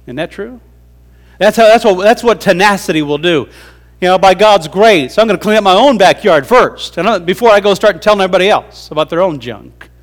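A man's voice: high-pitched, expressive, brisk. A male pastor delivering a folksy, humorous sermon in a conversational way.

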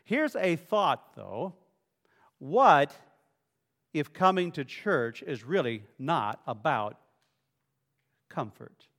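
A male pastor with a rather high voice leads his congregation through a playful sermon, teasing people in the pews by name. His words ring out with a long reverb from the church hall around him. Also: very animated, very slow, pauses often, fairly bright tone. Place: church sanctuary.

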